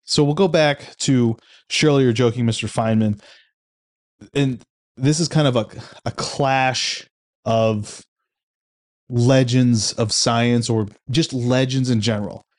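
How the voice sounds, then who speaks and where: A man's voice: medium pitch, steady tone, slow. A man casually reviewing a book, reflective and conversational, often restarting his sentences.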